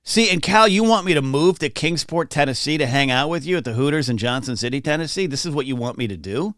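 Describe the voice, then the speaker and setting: A man's voice: fairly high pitch, expressive, fast, a bit bright, no echo, studio quality. A man hosting a casual morning livestream, rambling and reading viewer comments aloud from his home. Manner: chatty, rambling, reads chat aloud. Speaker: livestream host. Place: home, in California.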